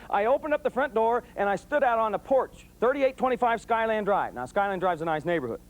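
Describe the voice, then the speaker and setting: A middle-aged police sergeant gives a motivational talk to parents, lecturing fast like a preacher working a crowd in a raised, high-set voice with lively intonation. He hammers phrases again and again, tells homespun stories, and bursts into yells when acting out his anecdotes.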